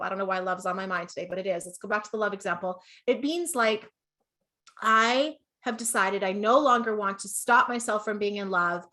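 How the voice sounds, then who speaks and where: A Canadian woman leads an online business masterclass in a mid-pitched, everyday voice. She talks in a chatty, upbeat way and keeps checking in with her listeners. She laughs at herself easily. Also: pushed and bright. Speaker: business coach.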